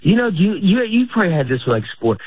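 This middle-aged stand-up comedian talks in a high, sing-song, breathy voice at a rapid-fire clip during a casual interview. He rambles, keeps restarting what he's saying, and laughs frequently. The sound is tinny like a phone call, with no room sound.

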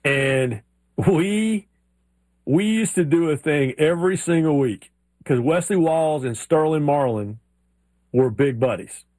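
A man co-hosting a sports show, telling animated stories in casual chat. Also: on the high side, takes it slowly, no room sound. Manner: animated storyteller, mimics drawls in anecdotes. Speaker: sports radio co-host.

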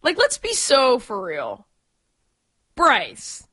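A woman's voice: mid-range voice, sing-song, moderate pace, fairly bright tone. A young woman co-hosting a casual sports talk show, blunt and emphatic with a sarcastic edge. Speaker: podcast co-host.

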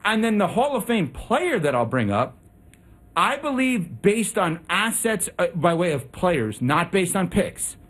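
A man's voice: high-pitched, a little slow. A man hosting sports talk radio, out of breath and talking through his analysis. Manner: animated, talkative analysis.

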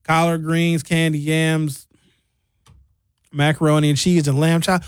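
Man, talk radio host, comic rant, slightly high voice, dry studio mic. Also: little pitch movement, unhurried, long pauses, smooth, dry recording. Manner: ranting, comic, puts on mocking voices. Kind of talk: casual radio monologue.

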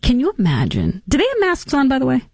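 Animated sarcastic woman commentator. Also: high voice, fast, husky, dry recording. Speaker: host. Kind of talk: opinionated commentary talk.

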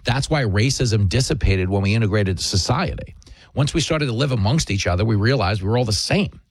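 A man's voice: fairly low pitch, expressive, fairly quick, dry recording. A man hosting a talk radio show, delivering an opinionated monologue in an emphatic, sarcastic way.

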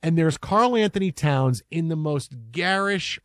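Rambling, emphatic sports talk host. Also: male voice, fairly high pitch, lively intonation, unhurried, no room sound, studio quality. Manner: rambling, emphatic, restarts a lot.

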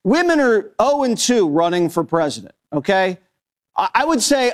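High, animated man cracking provocative jokes. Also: normal speed. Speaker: panelist. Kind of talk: joking panel banter.

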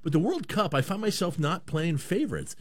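Animated joking man hosting. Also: fairly high pitch, fairly quick, slightly rough. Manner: animated, rambling, joking with restarts. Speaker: radio show host. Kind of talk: casual chat.

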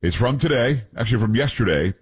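A man's voice: medium pitch, expressive, fast talker, breathy edge. A man hosting talk radio, reading news stories aloud and breaking in with blunt, opinionated asides.

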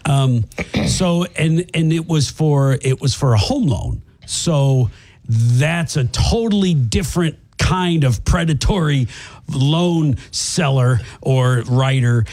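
A middle-aged man chats loosely and tells a story, acting out the people in it and laughing along the way. His voice sits a bit high for a man, with a slight huskiness, and it swoops through a lively range. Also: slow. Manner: animated storyteller, laughs, acts out quotes. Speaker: guest telling a story. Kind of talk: casual chat.

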